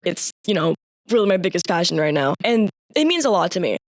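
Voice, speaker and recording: A teenage girl, a high school theater student, chatting casually as an interview guest with lots of fillers. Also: sing-song, fairly quick, no room sound, clean studio sound. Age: teens.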